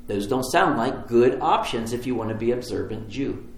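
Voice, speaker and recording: A pastor tells stories in a vivid, conversational way during a sermon, his mid-range voice carrying lively intonation at a moderate pace. Slight background noise and faint ambience fill the roomy hall.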